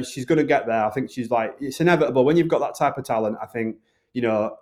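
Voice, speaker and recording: Northern English man, film director guest, earnest and rambling, mid-pitched everyday voice. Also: darkish tone. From Northern England. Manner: earnest, rambling, filler-heavy. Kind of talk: casual interview talk.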